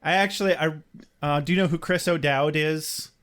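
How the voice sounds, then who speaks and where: A man's voice: fairly high pitch, fairly even intonation, moderate pace, a bit bright, smooth. A man co-hosting a podcast in loose, profane casual chat, laughing often. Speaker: podcast co-host.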